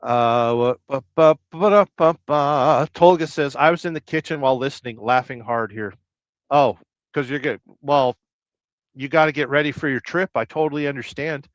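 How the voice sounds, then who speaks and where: A man hosting a livestream, chatting casually and reading viewer comments with rambling, deadpan jokes. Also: mid-range voice, normal speed, no room sound. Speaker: livestream host. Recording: dull lo-fi dry sound.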